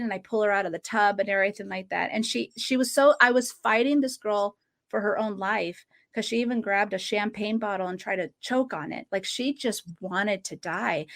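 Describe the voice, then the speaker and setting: A woman's voice: medium pitch, a bit bright. A woman in her late thirties hosting a podcast, talking earnestly in casual conversation and often breaking into short laughs. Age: 30s. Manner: earnest, laughs often while telling a story. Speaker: podcast host.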